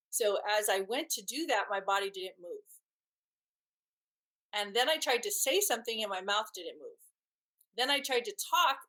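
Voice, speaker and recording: A middle-aged woman tells a personal story as a podcast guest, earnest and a little halting. She often stops and restarts her sentences, with a mid-range voice. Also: mid-range voice, fairly bright tone, poor audio.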